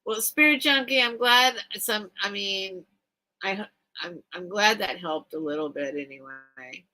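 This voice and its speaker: A woman's voice: mid-range voice, unhurried, sharp tone, poor audio. A middle-aged woman hosting a late-night live sale stream, chatting casually and emotionally as she reacts to viewer comments.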